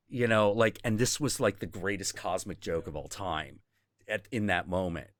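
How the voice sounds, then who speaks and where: A man hosting a casual stream, telling a story in a rambling, profane, animated way. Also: sits low, moderate pace, no echo, clean studio sound. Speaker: host.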